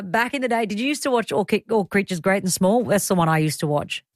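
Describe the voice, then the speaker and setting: This middle-aged Australian radio host has a fairly low voice and a chatty, rambling manner that slips easily into laughter. She's recorded in studio quality with no echo.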